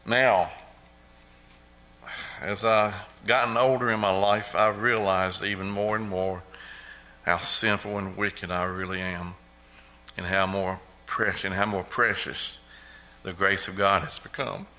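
A man's voice: deep voice, steady tone, measured pace, pauses often, bright, forceful tone, slight background noise, poor audio. A middle-aged man giving an earnest testimony in church, repeating praise often. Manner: earnest, repetitive, exclaims praise. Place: church sanctuary.

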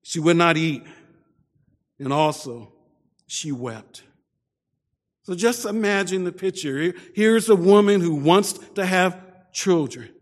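A man preaching a sermon, often repeating his first words and dropping to a soft voice for emphasis. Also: high voice, lively intonation, slow, big-room sound. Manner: repeats words at starts, soft dramatic drops.

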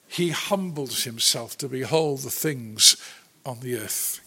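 A man preaching a sermon, earnest and deliberate, rising to loud declarations and then dropping to a near hush. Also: mid-range voice, animated, husky. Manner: slow, earnest preaching that swells loud then drops very soft.

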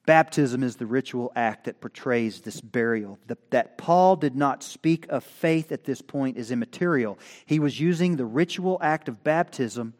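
A man preaching a sermon at a church, moving from quiet teaching to loud emphatic peaks, with chatty asides. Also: medium pitch, moderate pace, hardly any pauses. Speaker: pastor. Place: church sanctuary. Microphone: stand microphone.

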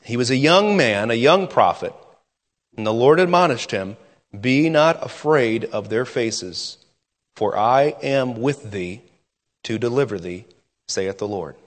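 A man preaching a sermon in an earnest way, slowing down and dropping to a near hush on key words. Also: medium pitch, lively intonation, long reverb tail. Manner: earnest, with dramatic pauses and drops to a hush.

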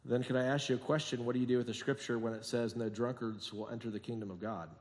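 A man preaching a sermon as pastor, telling jokey stories and acting out quotes, moving between quiet asides and emphatic points. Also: medium pitch, fairly even intonation, fast. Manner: jokey, sarcastic storytelling with acted-out quotes. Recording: long hall reverb.

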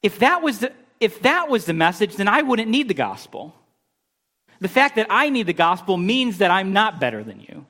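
A middle-aged man preaching a sermon, telling a story with animated, exasperated bursts. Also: moderate pace. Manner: animated storytelling, rising pitch when exasperated. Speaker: pastor.

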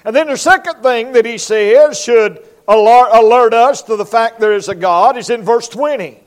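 A male evangelist with a drawl delivers a revival sermon in church. His voice sits very high, and he preaches emphatically, slipping into quick acted-out voices and sound effects. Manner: emphatic preaching, acts out voices and barking dog.

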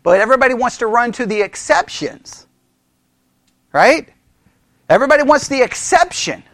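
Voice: medium pitch, normal speed, dry recording, studio quality. A pastor preaching a conversational sermon, telling stories full of rhetorical questions and mocking imitations of people. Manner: animated storytelling with rhetorical questions; mimics other people mockingly.

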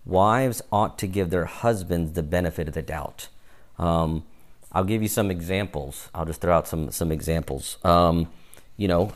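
A man preaching a sermon in a conversational way, often adding "right?" and briefly acting out quoted exchanges. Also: sits low. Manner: conversational, often adds "right?" to each point; acts out little quoted exchanges in passing.

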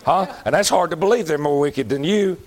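A male pastor preaching a folksy sermon that climbs to shouting. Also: fairly high pitch, fairly quick.

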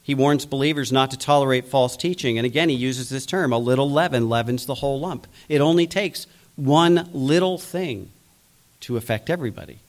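A man's voice: medium pitch, fairly quick. A man preaching a sermon, acting out biblical figures' voices as he goes. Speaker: pastor.

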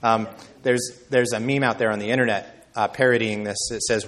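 A man preaching an evening sermon, rising high and loud on key points and slowing words down for weight. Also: fairly even intonation.

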